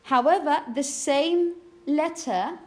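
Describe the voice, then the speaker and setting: A woman teaching phonetics to a class, repeating example words slowly and checking understanding with frequent "okay?". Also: high voice. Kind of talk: classroom lecture.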